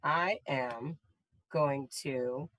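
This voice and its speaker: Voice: mid-range voice, extremely slow, fairly bright tone, dry recording, rough recording. Hesitant player in a tabletop game. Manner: hesitant, with fillers and restarts.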